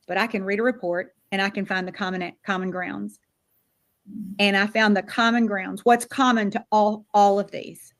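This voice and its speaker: Older woman telling an animated story. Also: medium pitch. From Florida. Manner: animated, acts out quoted dialogue. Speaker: sales director giving a keynote talk. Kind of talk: motivational storytelling speech.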